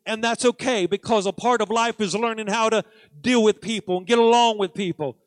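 A man preaching in a church with a high-pitched voice that climbs as he drives each point home. He speaks emphatically, repeating key words over and over. The sound is close and dry. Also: fairly even intonation, brisk, dry recording. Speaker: pastor. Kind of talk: sermon. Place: church sanctuary.

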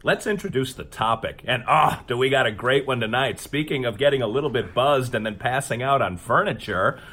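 A man co-hosting a comedy debate show, loud and excitable, a little tipsy as he jokes around. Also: medium pitch, a little fast. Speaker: podcast co-host. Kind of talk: comedic banter.

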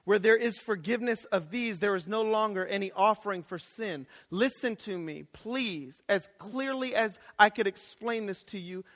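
High-voiced man preaching in an echoing chapel. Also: moderate pace, hardly any pauses. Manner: conversational, swings from hushed asides to shouting. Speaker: chapel speaker. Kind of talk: lively sermon. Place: college chapel. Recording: long reverb of a chapel hall.

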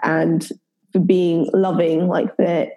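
A British woman speaks as a podcast guest about her baking work. Her voice sits low and sounds husky and dark. She rambles casually, circling back and correcting herself mid-sentence. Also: flat delivery, takes it slowly, lo-fi sound. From United Kingdom. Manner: rambling, filler-heavy, self-correcting. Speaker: guest, baker.

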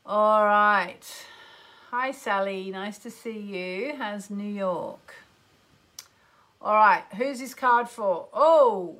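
This woman talks slowly in a pushed, bright voice as host of a live astrology and card-reading radio program. She is effusive and chatty, calling listeners by name and breaking into exclamations that leap upward in pitch.

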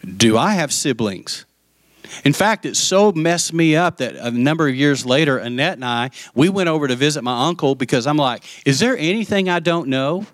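A man's voice: medium pitch, lively intonation, normal speed, dry recording. Pastor, middle-aged man, candid storytelling sermon, dry close sound. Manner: candid storytelling, acts out quoted voices.

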